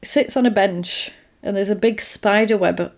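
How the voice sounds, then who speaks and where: A woman casually recapping an old film on a podcast. She narrates the plot in an easygoing way and slips into quick character voices when she quotes a line. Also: medium pitch. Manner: animated retelling, acting out characters' lines. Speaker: podcast co-host.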